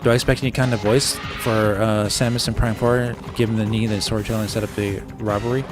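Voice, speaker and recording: Low-voiced man chatting through a game stream. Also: level tone, fast talker. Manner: chatty, thinks aloud with fillers and restarts. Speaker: gaming streamer. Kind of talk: casual live playthrough commentary. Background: game music.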